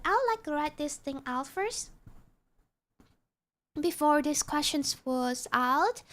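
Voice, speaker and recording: Young woman streamer, high voice, casual chat, mutters notes to herself while writing. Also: fairly bright tone.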